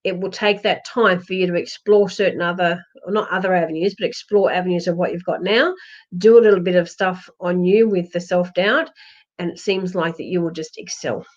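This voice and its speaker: A woman's voice: lowish voice, steady tone, fairly quick. Aussie lady psychic doing live readings, soothing, lots of ums and restarts, kinda muffled webcam audio. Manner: reassuring, rambling with many fillers and restarts. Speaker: psychic medium. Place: home, during a lockdown. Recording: dull lo-fi livestream audio.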